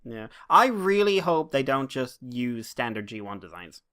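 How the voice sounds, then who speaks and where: A man's voice: mid-range voice, very animated, unhurried, sharp tone, smooth. Rambling Irish man on a podcast. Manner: rambling, ranting, swears freely. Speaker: podcast co-host. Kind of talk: casual podcast chat.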